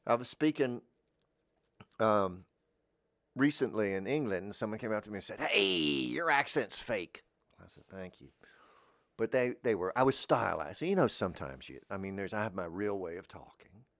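A middle-aged man with a Southern American accent rambles through a comic monologue in a deadpan, wandering way. His voice sits low, and the sound is dry and close, with no room around it. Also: moderate pace, dry recording. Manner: deadpan, meandering, drifts into goofy voices. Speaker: podcast host.

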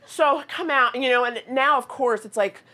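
A woman's voice: high-pitched, moderate pace. A woman telling a comic story in a radio studio, laughing often and swearing freely. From United States. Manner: profane, laughing, animated. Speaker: guest storyteller.

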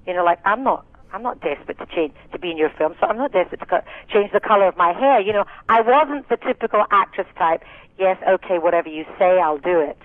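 A woman's voice: medium pitch, animated, quick pace, no echo. A woman in her sixties from Scotland, a singer and actress telling frank, chatty stories with many asides in a casual interview. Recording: tinny phone line, dry.

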